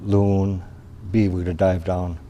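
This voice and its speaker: A man from Wisconsin telling a traditional story in an unhurried, plain-spoken way, with pauses and restarts. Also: low-pitched, little pitch movement, mellow, a little hiss or hum.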